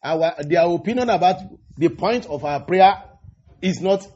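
A man preaches a sermon in a high, husky voice, halting and circling back over his words. He calls out hallelujah and praise the Lord between thoughts. The recording sounds dull and lo-fi. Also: animated, warm tone.

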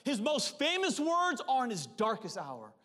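A man's voice: extremely high pitch, huge pitch swings, moderate pace, sharp tone. A man in his thirties preaching a joking sermon full of movie references and acted-out lines. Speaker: pastor.

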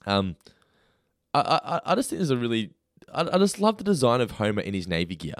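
Male podcast host, thirties, casual, low and animated, dry mic. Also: fast talker, no echo. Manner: chatty, laughs easily, stumbles over words. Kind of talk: casual chat.

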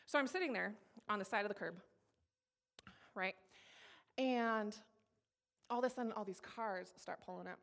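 A woman in her thirties gives a personal testimony, telling her story in a candid, humorous, lively way. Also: medium pitch, normal speed, pauses often. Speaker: speaker giving a personal testimony.

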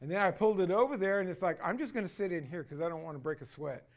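A pastor with a fairly high voice preaches a sermon to his congregation, his volume rising and falling as he leans hard on key phrases. He slowly draws out important words and has the people repeat lines back to him.

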